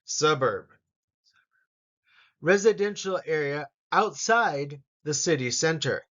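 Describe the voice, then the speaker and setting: A man teaching an English vocabulary lesson, saying each word slowly and repeating it for learners. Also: fairly high pitch, animated, a bit bright, highs cut off. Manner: slow, careful pronunciation drills with repetition.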